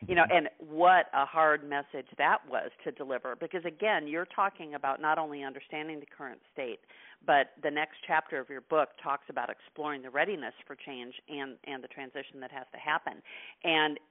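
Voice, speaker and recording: A conversational host with a somewhat high voice, coming through a thin phone-like line. He rambles easily from point to point and fills his sentences with "you know" asides. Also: fairly even intonation, fairly quick. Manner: chatty, peppered with "you know". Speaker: interview host. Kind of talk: conversational interview.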